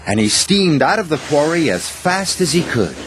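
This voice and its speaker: A man narrating a children's storybook in an expressive, sing-song way. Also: on the high side, moderate pace, noisy background. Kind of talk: storybook reading.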